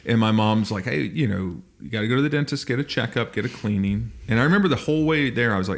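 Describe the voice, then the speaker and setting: A man in his thirties, a podcast co-host telling funny stories in a casual, animated way and acting out the other people's voices. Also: lowish voice, fast, hardly any pauses. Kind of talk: casual comedic storytelling.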